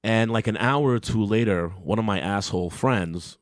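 A young adult man, a comedian co-hosting a podcast, telling a story casually, swearing a lot and jumping into loud impressions of the people in it. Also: lowish voice, normal speed, dry recording, clean studio sound. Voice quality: profane, wisecracking delivery. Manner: acts out quoted lines in a jumped-up loud voice.

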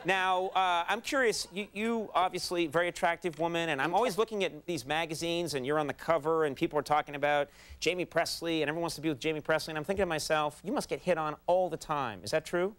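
A man's voice: a little high, quick pace, hardly any pauses, a bit bright, clear, resonant tone. A man interviewing a guest in a playful, teasing way, riffing on jokes and asking follow-up questions. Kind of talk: casual jokey interview. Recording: noisy background.

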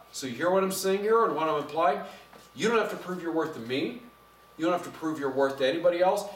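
A middle-aged man preaching a sermon as pastor, conversational and animated, getting louder as he drives his points home. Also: on the high side. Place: church sanctuary. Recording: echoey church from a distance.

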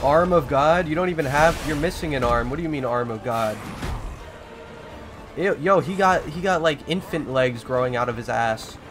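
Excitable young man swearing through gameplay. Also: medium pitch, a little fast, hardly any pauses. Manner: excitable, swearing, slangy and animated. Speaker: gaming streamer. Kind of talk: gameplay commentary. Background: game music.

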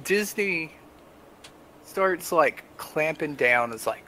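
A young adult man co-hosting a casual podcast, telling a story with animated, exasperated asides. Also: a little high, unhurried. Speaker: podcast co-host.

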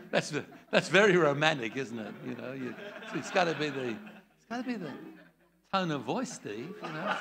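A man's voice: a little high, very animated, measured pace, gravelly, long pauses, a crowd in the background. An older man running a preaching workshop, blunt and jokey, acting out different tones of voice as he teaches. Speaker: preaching trainer.

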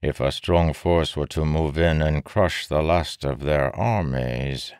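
A man voicing a sly, amused male king who bargains with calm, needling persuasion in an audiobook. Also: rumbling low, slow pace, dry recording, studio quality. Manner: smooth, needling, calmly persuasive. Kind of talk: audiobook character voice.

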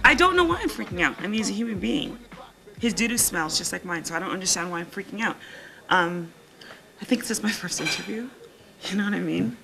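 A woman vlogging to camera as an interviewer, chatty and excitable, with jokey asides. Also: on the low side, brisk, vocal fry, music in the background, rough recording. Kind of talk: vlog-style chat to camera. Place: hotel room and city streets.

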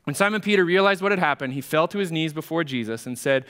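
A man's voice: on the high side, animated, fast, fairly bright tone, clean tone, big-room sound. A man preaching a sermon as a pastor, in a conversational, storytelling manner. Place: church sanctuary.

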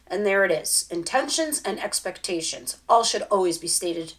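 A woman's voice: mid-range voice, lively intonation, fairly quick, hardly any pauses. A woman giving a casual tarot reading straight to the viewer, chatty and direct. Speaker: tarot reader.

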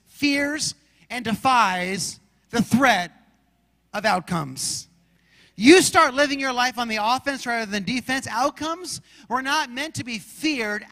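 A man from Arizona preaching a sermon as pastor, telling stories in an animated way and acting out shouts and roars. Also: very high voice, in a large hall. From Arizona, USA.

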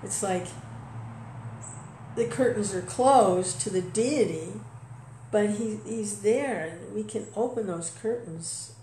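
An older woman, a devotee sharing reflections, speaks in a mellow, medium-pitched voice at a slow pace during a casual spiritual talk. She is emotional, exclaims and laughs often, and the recording sounds roomy with faint background noise.

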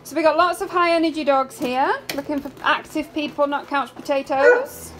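A woman's voice: high voice, moderate pace, over music. A woman at a dog rescue, introducing new dogs in a casual walkaround video and cooing baby talk to them, recorded outdoors by the kennels on a phone. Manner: coos and baby-talks to the dogs.

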